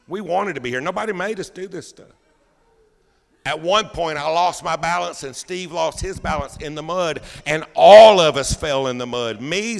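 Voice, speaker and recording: A man pastor preaching a sermon as a folksy, animated storyteller. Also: fairly high pitch, gravelly, in a large hall. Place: church sanctuary.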